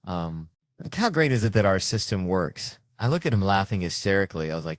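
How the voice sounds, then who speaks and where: A man's voice: sits low, animated, a little fast, no room sound. A man telling a stand-up story in a rowdy, profane manner, imitating the people in it. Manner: rowdy, profane anecdotes with mimicked voices. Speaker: stand-up comedian.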